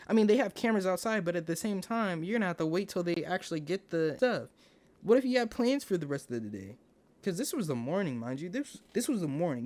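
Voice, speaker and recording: A man casually telling a story for a video, slangy and animated, wandering into tangents. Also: a little high, fast. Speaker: storytime YouTuber.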